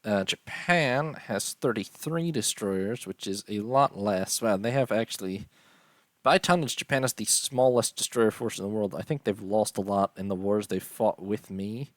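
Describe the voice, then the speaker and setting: A man giving casual, unhurried commentary on a strategy game, tired and yawning, filling pauses with ums and uhs. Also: on the low side, no room sound. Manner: unhurried, listing details with many ums and uhs. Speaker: strategy game let's-player.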